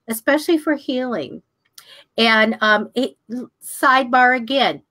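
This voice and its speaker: Older female co-host, slightly high voice, animated storyteller who mimics other people's voices and laughs a lot. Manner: animated, acts out voices in her anecdotes, laughs often. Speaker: psychic radio show co-host. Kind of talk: casual storytelling chat.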